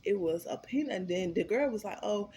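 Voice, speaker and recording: Animated, swearing woman telling a story. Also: mid-range voice, fairly quick. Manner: animated, profane and emphatic. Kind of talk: storytime vlog.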